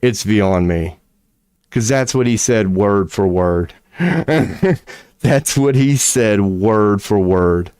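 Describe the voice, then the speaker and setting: Animated, profanity-laden man ranting. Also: fairly low pitch, very slow, smooth, no room sound, clean studio sound. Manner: profane, incredulous, laughs often. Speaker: streamer. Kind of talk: casual ranting commentary.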